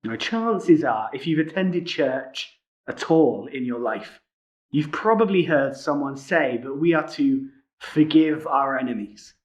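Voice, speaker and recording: A man's voice: fairly high pitch, lively intonation, unhurried. A man preaching a sermon in a conversational way, often adding tag questions such as "isn't it?". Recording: muffled lo-fi recording.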